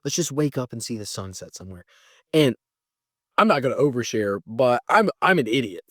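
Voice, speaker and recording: A man telling a personal story in a casual, animated way, mocking himself and jumping high when exasperated. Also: a little fast, no echo, clean studio sound. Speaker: storyteller recounting a breakup.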